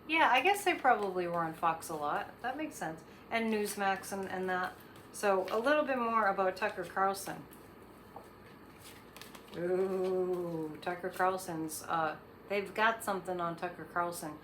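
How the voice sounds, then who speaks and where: A psychic host gives readings on her own show in a rambling, casual monologue packed with fillers and restarts. Her medium-pitched voice is fairly bright and a little slow, with slight background noise.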